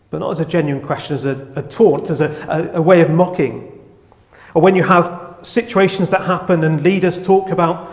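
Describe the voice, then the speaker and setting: A man's voice: fairly high pitch, moderate pace. A man preaching a sermon, opening with light jokes before turning earnest and reflective. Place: church. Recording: echoey church hall, long reverb.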